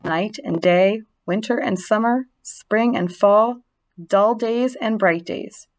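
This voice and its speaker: A woman reads a storybook aloud in a gentle, expressive way, her pitch sitting in a middling range. She lets the story's quiet moments settle. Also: slow. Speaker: narrator. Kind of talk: storybook reading.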